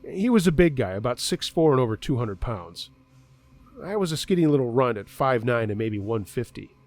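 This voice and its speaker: A man's voice: mid-range voice, very animated, moderate pace, a little mellow. A man narrating a true scary story in a conversational first-person way.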